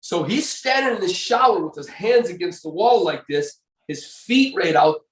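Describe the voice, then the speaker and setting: A man's voice: high-pitched, reverberant, distant mic, poor audio. An older man, a former bodybuilder, telling a long story as a podcast guest, rambling with many fillers and restarts. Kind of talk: casual storytelling interview.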